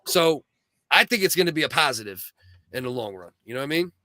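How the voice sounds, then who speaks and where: A man's voice: medium pitch, animated, fast talker, sharp tone, no room sound, clean studio sound. A man co-hosting a casual chat, earnest and rambling, with many restarts. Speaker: podcast co-host.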